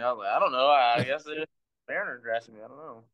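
A young man from Texas, a pro baseball pitcher, telling stories in a laid-back, rambling way as a podcast guest. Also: fairly quick, lo-fi sound. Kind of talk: casual storytelling. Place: recording for a podcast.

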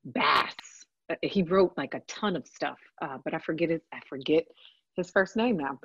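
A woman telling a lively story in casual chat, swearing freely and adding chatty asides. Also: deep voice, moderate pace, vocal fry, dull audio, slight background noise. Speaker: podcast guest, works on a TV set.

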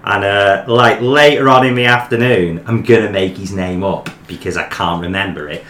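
A man co-hosts a podcast, spinning a rambling, joking story with plenty of stop-start phrasing. His voice is bright and forward. The sound comes from an echoey room. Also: fairly low pitch, moderate pace. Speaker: podcast co-host. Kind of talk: casual chat, storytelling.

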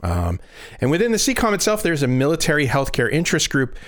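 A man hosting a casual podcast chat, halting and full of fillers. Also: a little high, wildly swooping pitch, a bit bright, dry recording, studio quality. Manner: hesitant, many fillers and restarts. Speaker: podcast host.

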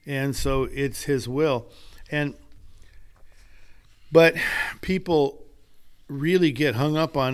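A man's voice: medium pitch, unhurried. An older man, a guest author, telling stories in an earnest, preacher-like way during a casual podcast conversation. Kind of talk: casual chat.

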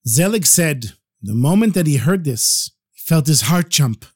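Male storyteller, higher-pitched voice, dry close sound, dramatic folk tale narration. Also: lively intonation, unhurried, a little mellow, no room sound.

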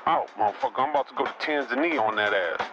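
A man's voice: mid-range voice, fast talker, natural voice. A man doing a brash cursing basketball star parody. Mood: rowdy. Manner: boastful, rambling, heavy cursing street slang. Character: brash profane trash-talking male basketball star parody. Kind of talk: comedy sketch impression. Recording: muffled recording over loud music.

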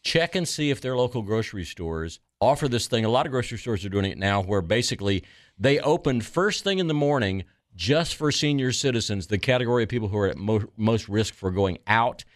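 A man's voice: fairly low pitch, lively intonation, a little fast, dry recording, clean studio sound. A man, a morning radio host in casual, earnest chat giving listeners advice.

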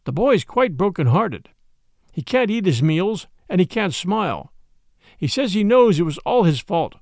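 A man reading as a kindly stable hand in a storybook reading, who speaks in a low, pleading tone. The delivery stays close to a gravelly, animated reading voice. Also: no room sound. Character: gentle adult male stable hand.

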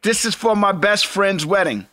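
A man co-hosting a podcast, excitable and playful, chatting casually with his friend. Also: high-pitched, moderate pace, crowd noise. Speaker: podcast co-host. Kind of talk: casual chat.

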